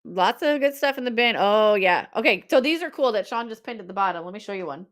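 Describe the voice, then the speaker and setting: A woman's voice: medium pitch, lively intonation, quick pace. A woman in her forties talks in a loose, chatty way while hosting a live-stream sale. She tells stories, laughs often and answers comments from viewers as they come in. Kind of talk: casual live-stream chat.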